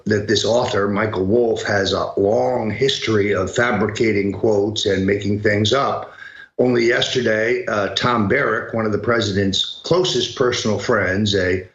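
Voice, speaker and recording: A man calling in as a political analyst guest, speaking in a measured way that builds to emphatic peaks. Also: medium pitch, fairly bright tone, echoey room, highs cut off. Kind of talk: political commentary on a call-in.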